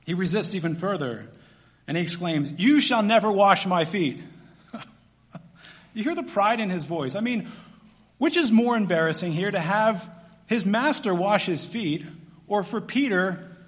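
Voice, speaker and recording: A man preaching a sermon, animated, swinging between loud emphatic lines and quiet soft ones. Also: sits high, moderate pace. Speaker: pastor. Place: church hall with long reverb. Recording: echoey church hall.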